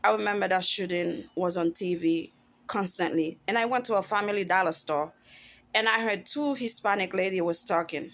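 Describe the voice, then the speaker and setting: A woman's voice: mid-range voice, normal speed, fairly bright tone. A woman in her forties giving an emphatic, outspoken opinion monologue to camera, often restarting her sentences as she goes. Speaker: vlogger.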